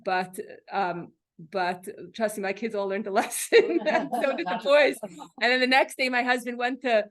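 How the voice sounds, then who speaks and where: A woman teaching a Torah class in a casual, animated way, telling personal stories and often restarting her phrases. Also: on the high side, normal speed.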